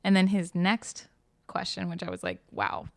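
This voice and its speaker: A woman's voice: fairly low pitch, sing-song, moderate pace, vocal fry, no room sound. A young woman chatting on a podcast, telling a story with animation and acting out the quotes. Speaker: guest host. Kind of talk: casual podcast chat.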